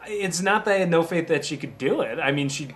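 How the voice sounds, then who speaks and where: A man's voice: a little high, expressive, a little fast, fairly bright tone, soft background music. Rambling man on a commentary track. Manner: rambling and anecdotal, often restarting sentences; drinks water between remarks. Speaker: writer giving a film commentary.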